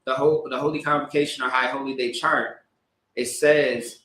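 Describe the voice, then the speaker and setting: Male service leader, sermon; stammering scripture reading into casual rambling preaching; bright tone, roomy echo. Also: mid-range voice, steady tone. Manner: halting, stammering repeats while reading. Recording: echoey room.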